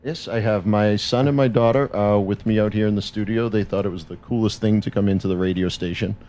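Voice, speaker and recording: A man appearing as a guest on a radio show in the studio, talking in a relaxed, wry way. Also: lowish voice, fairly quick. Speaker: app company CEO guest. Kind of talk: casual radio interview.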